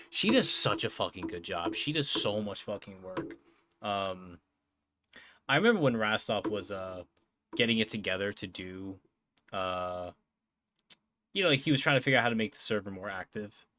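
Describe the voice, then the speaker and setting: On a live stream, a young man who streams and hosts a podcast chats casually, rambling with lots of fillers, swearing and laughing often. His voice is lowish and sharp, with a little hiss or hum.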